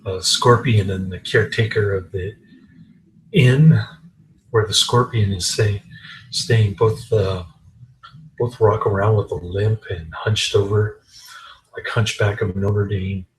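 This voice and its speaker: A man giving a casual spoken film review in a halting, meandering way. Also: lowish voice, steady tone, a little hiss or hum, rough recording.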